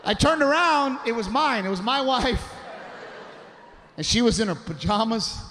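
A man performing a crude, self-mocking stand-up routine on a comedy club stage, telling an animated story. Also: very high voice, moderate pace, in a large hall. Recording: live club recording with audible background noise.

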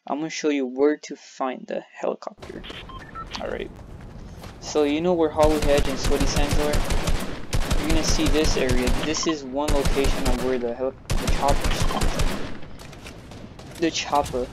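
A man's voice: on the high side, steady tone, normal speed, very noisy. A man giving casual gameplay commentary as a video host, rambling along, laughing at his own slips and filling gaps with "and yeah". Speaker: gaming YouTuber. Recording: game sounds loud behind the voice.

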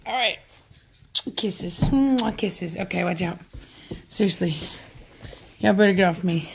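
Sitting by an indoor fire, a woman who breeds dogs and runs a channel hosts a relaxed vlog, lapsing into doting baby talk with her puppies as dogs sound around her. She has a medium-pitched, animated voice with vocal fry and a slightly rough quality, and she takes her time.

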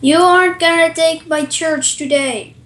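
A woman's voice: very high-pitched, fairly even intonation, unhurried, a bit bright. A woman playing a card game as a guest, answering in short, smug, dry lines during casual banter. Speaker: guest player. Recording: roomy echo.

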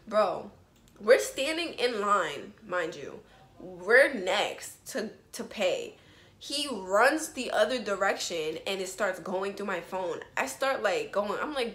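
A young woman telling a storytime vlog in casual chat, chatty and animated, with quick asides to her viewers. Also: mid-range voice, echoey room. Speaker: vlogger.

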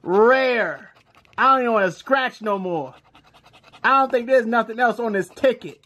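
A man, commenting casually as he scratches lottery tickets, reading numbers aloud in slang and breaking into excited shouts. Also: very high-pitched, moderate pace.

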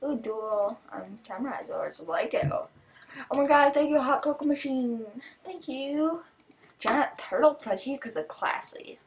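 A teenage girl chatting casually as she opens gifts, excitable, gasping and thanking over and over. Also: high-pitched, a little slow, slight background noise. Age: teens. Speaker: vlogger opening gifts. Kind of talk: casual chat.

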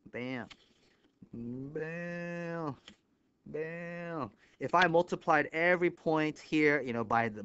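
A man lecturing on an engineering topic at a whiteboard, thinking aloud step by step and marking each step with a quick 'bam'. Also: mid-range voice, fairly bright tone, smooth, dry recording. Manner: explains step by step with frequent 'right here'. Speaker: engineering instructor. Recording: slightly dull, lo-fi dry recording.

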